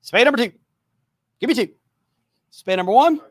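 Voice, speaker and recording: Upbeat man hawking comics, high voice. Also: expressive, moderate pace, no echo. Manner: upbeat, repetitive hawking, joking asides. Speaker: host selling comic books. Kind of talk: livestream sales pitch.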